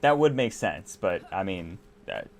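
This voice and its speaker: A man's voice: low-pitched, big pitch swings, a little slow, gravelly. An American man streaming a game, chatting casually with his viewers in a laid-back, rambling way and laughing often. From United States. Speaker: live streamer. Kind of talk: casual chat with viewers while gaming.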